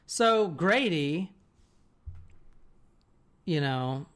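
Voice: mid-range voice, expressive, very slow, a bit bright. Rambling, profane casual storyteller. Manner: rambling, profane, keeps checking in with "right?". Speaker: podcast co-host telling a story.

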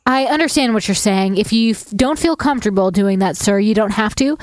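A woman reading the part of a 911 dispatcher, asking steady, measured questions. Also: mid-range voice, no room sound, close to an everyday voice. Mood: reassuring.

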